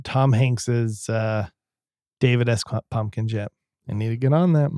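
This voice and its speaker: A man's voice: mid-range voice, a little slow, warm tone, no echo, clean studio sound. A man co-hosting a casual podcast chat, laughing often between his remarks. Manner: laughs often, drops to mock whispers. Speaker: podcast co-host.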